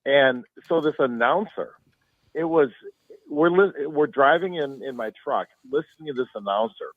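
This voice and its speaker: A man's voice: medium pitch, animated, normal speed, no room sound. A man from northern Minnesota calling in to a talk show, rambling with many restarts. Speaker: caller. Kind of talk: casual talk show call. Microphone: telephone. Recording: phone-like line.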